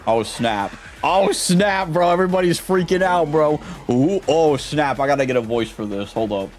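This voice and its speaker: A man streaming a video game, excitable and slangy, laughing often as he reads along. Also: a little high, normal speed, hardly any pauses, faint music behind. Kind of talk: let's play stream commentary.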